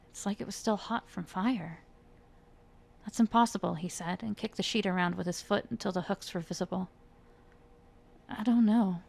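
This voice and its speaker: A woman's voice: mid-range voice, vocal fry, a little mellow. A woman reading aloud a chapter of her own fantasy novel, lifting her voice for the characters' dialogue. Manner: reads the characters' lines with rising emotion. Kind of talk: dramatic fiction reading.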